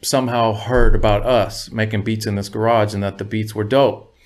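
A man's voice: on the low side, little pitch movement, moderate pace, darkish tone. A man, a music producer guest, telling stories in a loose, profane way and often saying "you know what I mean". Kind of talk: casual storytelling.

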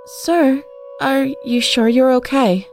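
A woman's voice: high-pitched, slow, darkish tone, soft background music. An actress playing a kind young woman who stops to help a stranger, speaking in an earnest, caring way. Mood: concerned. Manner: earnest, helpful.

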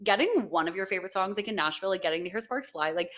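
A young woman chats casually as a podcast co-host. Her voice sits in an ordinary middle pitch. She gushes, swears freely and fills her talk with "like" and "um". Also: rapid-fire, fairly bright tone. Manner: gushing, filler-heavy, swears freely. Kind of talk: casual chat.

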